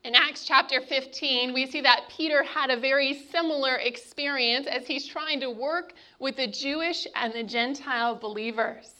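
A woman preaching a sermon, with dramatic pauses as she retells a scripture story. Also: high-pitched, bright, forceful tone.

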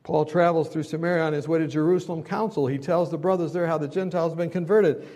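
A man preaching a sermon as pastor, his delivery swinging between quiet and loud, asking the congregation questions. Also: fairly high pitch, quick pace, hardly any pauses.

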